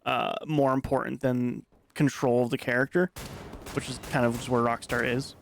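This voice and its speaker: Gravelly laid-back man chatting over gameplay. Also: mid-range voice, level tone, normal speed, slight background noise. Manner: laid-back, laughs easily, backseat directions. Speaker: co-commentator on a game playthrough. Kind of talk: casual gaming chat.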